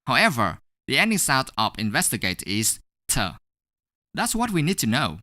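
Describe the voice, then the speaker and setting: Lively, bright-voiced male English teacher. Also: medium pitch, normal speed, no echo. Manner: clear, step-by-step explaining. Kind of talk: scripted lesson narration.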